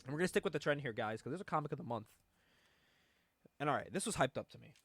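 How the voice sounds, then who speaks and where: A man hosting a casual podcast about comics, animated and rambling, laughing often. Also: a little high, quick pace, husky, no room sound. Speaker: podcast host.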